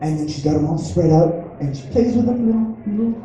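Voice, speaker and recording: A man's voice: on the high side, animated, fast, crowd noise. Self-mocking comedian man in an echoey room. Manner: rambling, self-mocking, acts out voices. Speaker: stand-up comedian. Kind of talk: stand-up comedy set. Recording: echoey room picked up from a distance.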